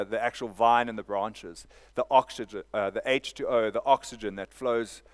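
A man's voice: fairly low pitch, clear, resonant tone. A man preaching a sermon, repeating phrases and asking "Amen?" of the congregation. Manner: preaching with call-and-response "Amen?" and repetition. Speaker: pastor.

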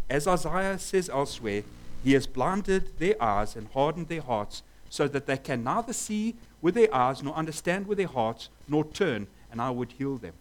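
A man's voice: on the high side, very animated, unhurried, poor audio. A man preaching a sermon fervently, asking rhetorical questions and stressing his points.

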